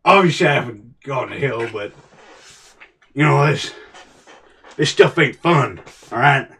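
A man playing a touchy, traumatized male war veteran in an improvised comedy sketch, muttering low and gruff and then breaking into panicked shouts. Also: lively intonation, unhurried, distant mic. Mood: gruff, solemn.

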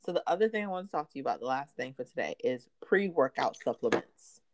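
A woman in her thirties co-hosting a podcast in casual chat, animated and laughing often, slipping into playful quoted asides. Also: very deep voice, quick pace. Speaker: podcast co-host.

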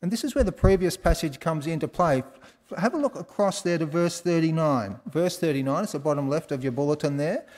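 In a large church hall, a pastor with an Australian accent delivers a conversational sermon, quizzing the congregation and dropping folksy asides. His voice sits on the high side with a darkish tone, he speaks briskly, and a long reverb tail follows his words.

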